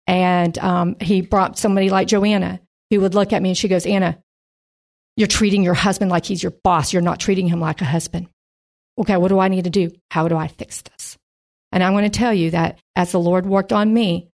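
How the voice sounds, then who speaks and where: Gravelly woman telling her testimony. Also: fairly low pitch. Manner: animated storytelling, acts out voices. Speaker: pastor's wife giving testimony. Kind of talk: sermon testimony.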